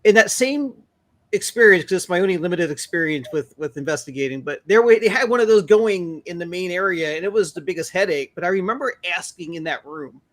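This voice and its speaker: A man who is a podcast guest, talking in a measured, skeptical way in a casual chat. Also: sits high, lively intonation.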